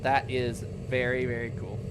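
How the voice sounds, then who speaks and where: A man hosting a livestream gives casual, rambling gameplay commentary, laughing frequently and tossing in chatty asides. His medium-pitched voice is flat and a little slow, with background noise audible.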